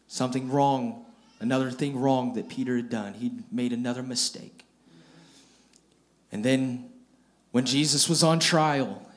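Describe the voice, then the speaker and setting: A man preaching a storytelling sermon, retelling scripture in plain everyday speech and often repeating and restarting his phrases. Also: medium pitch.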